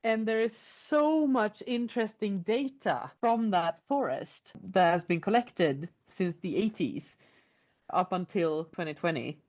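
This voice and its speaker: A woman from Sweden, telling a folk tale as a podcast guest in a slow, reflective way. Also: mid-range voice, animated, darkish tone. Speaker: storyteller guest. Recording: dull lo-fi sound.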